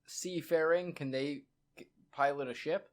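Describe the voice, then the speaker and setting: A man playing a tabletop game, talking casually with quick asides. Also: fairly high pitch, fairly even intonation. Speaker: player.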